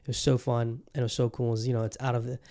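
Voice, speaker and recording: This young adult man runs his own podcast and talks very fast in a medium-pitched voice that barely moves, with vocal fry and a dark tone. The casual chat wanders, thick with fillers and restarts.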